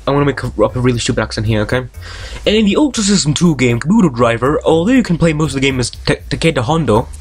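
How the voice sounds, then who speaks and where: A man's voice: medium pitch, very animated, fast talker, slightly rough, soft background music. A man hosting a let's play, reading a visual novel aloud and breaking off into jokes, tangents and frequent swearing. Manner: reads story text aloud, stumbling over words.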